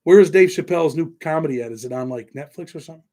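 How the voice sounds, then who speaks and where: Slightly high-voiced Southern-tinged man, rambling. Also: very fast, warm tone. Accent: Southern-tinged American. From New York. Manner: loose and rambling, thanks viewers by name. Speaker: host. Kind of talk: casual livestream chat answering viewers.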